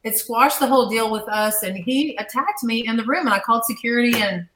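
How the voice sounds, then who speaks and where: A woman's voice: on the high side, brisk, a little hiss or hum. A woman guest in an interview, telling her stories bluntly and with lots of swearing. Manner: blunt, profane, animated storyteller. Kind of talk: casual storytelling interview. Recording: echoey room.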